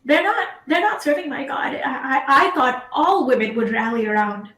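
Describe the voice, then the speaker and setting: Female interviewee, emotional and near tears, slightly high voice, roomy recording. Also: animated, normal speed, fairly bright tone. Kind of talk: emotional testimony. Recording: roomy echo.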